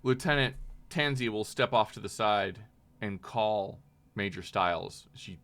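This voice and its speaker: A man running a tabletop game as game master, narrating in a relaxed, plain way and calling out rolls. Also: on the low side, a little slow.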